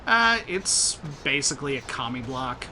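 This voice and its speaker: A man's voice: medium pitch, sing-song, moderate pace, noisy background. A man chatting loosely and joking while he plays a video game, dropping into silly mock voices. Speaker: let's play host. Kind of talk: casual gameplay chat.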